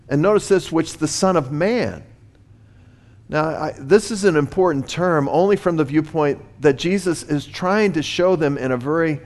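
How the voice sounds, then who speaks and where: A man preaching a sermon, earnest in tone, building in force on his key points. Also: a little high. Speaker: pastor.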